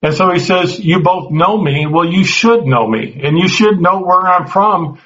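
A man's voice: fairly high pitch, a bit bright, muffled recording. A man teaching a Bible class, earnest, often restarting his words and putting questions to the group.

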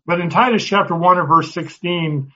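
Bright-voiced Bible class teacher, lo-fi. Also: male voice, high voice, moderate pace. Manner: conversational, repeats words, asks the class questions. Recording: dull lo-fi recording.

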